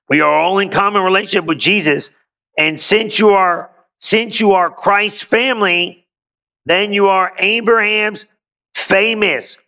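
A man's voice: high-pitched, bright, forceful tone. A male pastor preaching a sermon, reading scripture aloud and breaking in with exuberant call-and-response asides.

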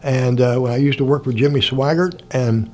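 A man's voice: mid-range voice, moderate pace, a little mellow. An older man from Indiana, telling stories from his life in a rambling, casual way and chuckling often. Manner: rambling, chuckles often, acts out quoted people. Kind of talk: casual storytelling.

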